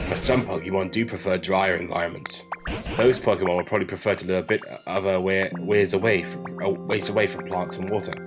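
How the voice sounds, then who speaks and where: A gentle plant creature professor speaks in soft, measured tones, as a man who is under the weather puts him on. The voice sits deep and low. Game music plays behind him. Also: steady tone, lightly acted. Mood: advising.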